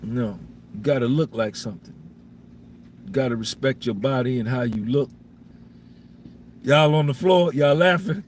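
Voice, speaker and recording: A man's voice: mid-range voice, moderate pace, pauses often. A man in a mid-range voice delivers a live podcast monologue, blunt and profane, hammering each point by saying it again. Faint background noise hums under his voice. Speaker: podcast host.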